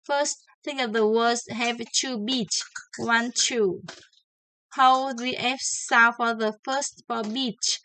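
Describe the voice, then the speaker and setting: A woman with a bright, forceful, somewhat high voice leads a pronunciation lesson. She speaks very slowly and deliberately, drilling each example word over and over. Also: steady tone, low-quality recording. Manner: slow, deliberate, repeats each word several times. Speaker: pronunciation teacher.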